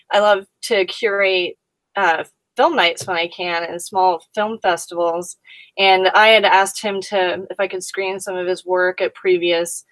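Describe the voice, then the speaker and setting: A woman's voice: fairly low pitch, fairly bright tone, no echo, rough recording. A woman being interviewed as an actress guest, chatting casually with frequent laughs and acting out little quotes.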